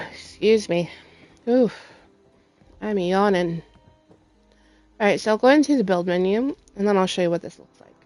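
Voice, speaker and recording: A woman's voice: mid-range voice, normal speed, pauses often, a little mellow, no echo, soft background music. Woman, gaming host, rambling casual commentary full of fillers. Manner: rambling with frequent ums.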